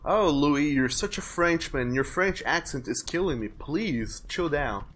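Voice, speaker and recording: A man's voice: fairly high pitch, animated, unhurried, a bit bright, slight background noise. A man giving casual let's-play commentary on a live stream, chatting and reading game text and viewer messages aloud.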